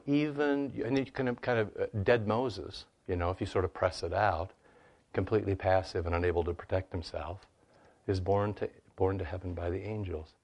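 Animated low-voiced man explaining scripture. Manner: animated, peppered with "you know" and "right?". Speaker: guest answering questions on scripture. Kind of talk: conversational teaching.

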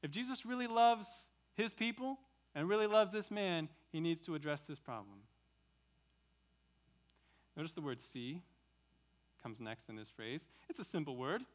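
Guy pastor preaching, kinda high voice, really animated, keeps asking questions and answering them. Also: normal speed, long pauses. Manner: expository preaching with rhetorical questions and emphatic repetition. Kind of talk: sermon.

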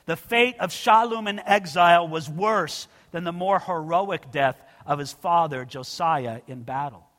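His voice is a little high and fairly bright, and he speaks unhurriedly as he delivers an expository sermon. Earnest and direct, he keeps calling the congregation friends, and a large hall's long reverb fills the recording.

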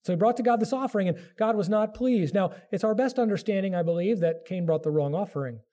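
A man's voice: high voice, fast talker, warm tone. A middle-aged man preaching a sermon as pastor, earnest, sometimes acting out the voices of biblical figures.

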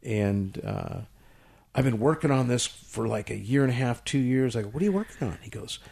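A man's voice: medium pitch, brisk, creaky. A middle-aged man and pastor co-hosting a casual chat, telling stories with playful jokes. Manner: jokey, animated storytelling. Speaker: pastor and co-host.

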